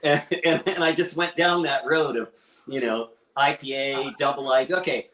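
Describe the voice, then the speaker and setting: A man's voice: medium pitch, fairly even intonation, moderate pace, a bit bright. A man talking animatedly in a casual chat and laughing often. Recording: roomy echo.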